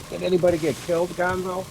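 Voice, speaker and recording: A man's voice: high-pitched, gravelly. Wry man in his fifties, faint hiss. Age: 50s. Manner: wry, swearing, teasing. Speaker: gamer on a group stream. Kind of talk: casual chat.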